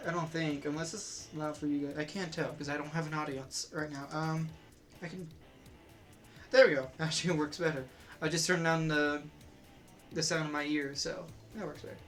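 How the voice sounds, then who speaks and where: A game streamer chats through a casual let's-play at a mid pitch and thinks aloud as they play. The talk is excitable and rambling, and faint game music sits behind the voice. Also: normal speed, pauses often.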